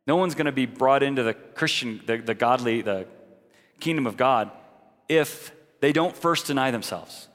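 A man's voice: medium pitch, normal speed, fairly bright tone, long reverb tail. A man preaching a sermon in an earnest, direct way, now and then mocking the views he argues against.

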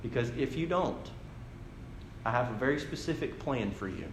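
Jesus, as a man puts him on, low and commanding. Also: animated, normal speed, roomy sound, slight background noise, close to an everyday voice. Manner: low, firm and menacing. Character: Jesus, commanding and protective toward his people.

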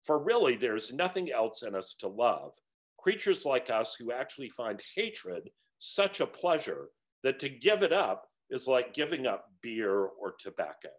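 An earnest man reads from a book and comments on it. His pitch moves freely, and he sounds reflective. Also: sing-song, unhurried. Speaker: teacher of a book discussion series.

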